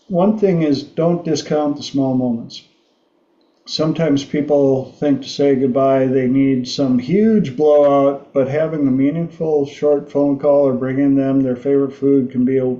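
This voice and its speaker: Slow, halting middle-aged male host. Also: mid-range voice, mellow, echoey room, highs cut off. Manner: slow, halting storytelling with restarts. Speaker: podcast host. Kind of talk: casual livestream talk.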